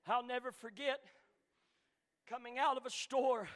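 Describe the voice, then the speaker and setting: Pastor preaching hard, real high sharp voice, yells then gets quiet telling stories. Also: male voice, steady tone, measured pace, pauses often. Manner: fiery preaching that swings between shouted climaxes and quiet storytelling; Southern preacher cadence, calls out congregation members by name. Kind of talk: sermon.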